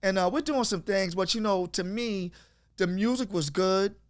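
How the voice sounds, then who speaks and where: A man guesting on a podcast, telling animated stories from his career in casual conversation. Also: high-pitched, normal speed. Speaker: guest rapper. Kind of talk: casual interview storytelling.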